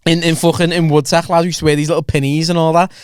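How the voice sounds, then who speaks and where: A man's voice: on the high side, level tone, racing, smooth, dry recording, clean studio sound. A young man telling crude school stories in a casual podcast chat, saying "lad" a lot.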